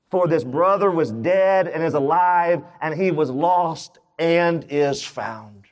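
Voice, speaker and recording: A male pastor with a notably high voice preaches, retelling a parable and slipping into the voices of its characters. He delivers it as a lively sermon. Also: slow, few pauses. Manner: acts out the story's voices with rising excitement.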